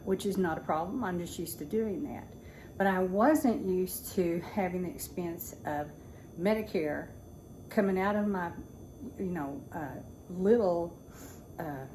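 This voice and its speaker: A woman's voice: on the low side, a little mellow, poor audio. A woman in her sixties, a retired teacher, ranting casually at home in a talkative, exasperated way with sarcastic asides. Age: 60s. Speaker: vlogger. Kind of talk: casual rant. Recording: noticeable background noise.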